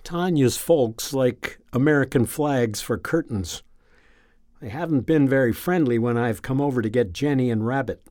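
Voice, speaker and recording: A man reading a first-person story aloud in a calm, measured, reflective way. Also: medium pitch, no room sound, studio quality. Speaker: narrator.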